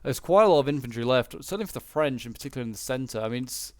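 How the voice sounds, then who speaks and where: A man giving relaxed, unscripted commentary on a strategy game battle, thinking aloud with frequent pauses. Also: mid-range voice, dry recording.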